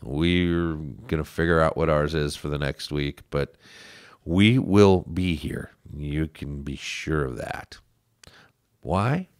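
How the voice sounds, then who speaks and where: A political podcast host with a very deep, clear, resonant voice takes his time, earnestly pressing listeners to get involved. The studio microphone gives a clean sound with no room echo.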